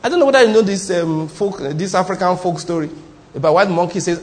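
Man, sermon, lively storyteller, slightly high pitch. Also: fast. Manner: animated, repetitive, laughing storyteller.

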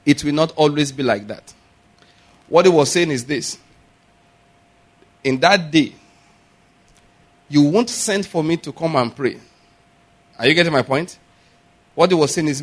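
A pastor preaching to his congregation in a fairly high male voice. He throws out questions, leads them in word-for-word responses, and builds up to loud, emphatic points. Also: fairly quick, pauses often. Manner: call-and-response, asks the congregation to repeat after him. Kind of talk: sermon.

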